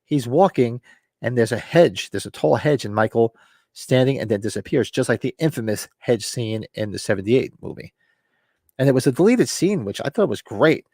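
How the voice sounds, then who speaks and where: Male host, casual rambling recap, mid-pitched voice, dry close sound. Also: animated, normal speed, darkish tone, no echo. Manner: rambling, loose retelling with fillers and acted quotes. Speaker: podcast host. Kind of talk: casual book club recap.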